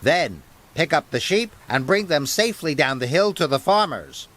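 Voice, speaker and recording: A man doing a brisk railway boss. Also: a little high, big pitch swings, noisy background, voice pushed up. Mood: instructing. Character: stern male railway manager giving orders.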